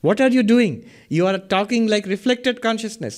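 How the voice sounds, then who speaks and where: A middle-aged man lectures on Vedanta philosophy, explaining through questions and everyday examples and chuckling at his own jokes. His voice sits high, with lively intonation, a moderate pace, and hardly any pauses.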